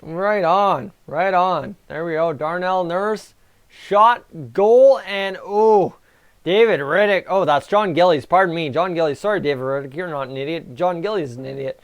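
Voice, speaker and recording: Canadian dude livestreaming game reactions, highish clean voice, gets hyped, talks to chat. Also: male voice, moderate pace, hardly any pauses. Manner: excitable, chatty, talks to viewers. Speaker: livestream host. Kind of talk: live game reaction commentary.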